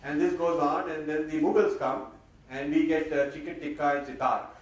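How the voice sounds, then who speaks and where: A man giving an animated public talk, mixing in Hindi phrases, recorded from a distance in a lecture hall. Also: fairly high pitch, normal speed. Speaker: speaker. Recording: distant mic, very echoey hall, faint noise.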